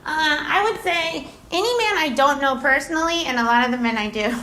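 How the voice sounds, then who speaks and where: A comedian in her thirties with a central Pennsylvania twang, giving dry, deadpan one-liners in a quick-fire interview. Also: high-pitched, a little hiss or hum, low-quality recording.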